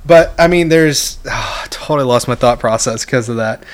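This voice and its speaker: A man's voice: medium pitch, normal speed. A man hosting a casual faith podcast, talking passionately in long rambling runs full of restarts. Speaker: podcast host.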